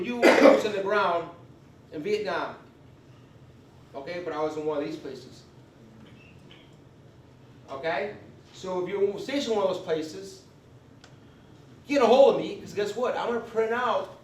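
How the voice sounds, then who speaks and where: A man's voice: high-pitched, a little mellow, recorded from a distance, slight background noise. A man presenting a live class on veterans benefits, folksy and emphatic, often checking in with "okay?". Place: convention meeting room. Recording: echoey room recorded from afar.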